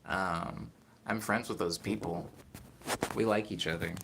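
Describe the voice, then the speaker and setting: A man's voice: sits low, fairly even intonation, a little slow, vocal fry, background noise. A young man casually chatting on a live stream from his small bedroom, reading viewer comments and rambling with frequent self-corrections.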